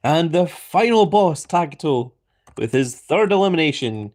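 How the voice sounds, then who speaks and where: A man's voice: fairly high pitch, animated, normal speed, darkish tone. Playful man calling a live giveaway. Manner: playful wrestling-announcer flair, reads chat aloud, laughs often. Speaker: livestream host. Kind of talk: live commentary on a giveaway, reading chat.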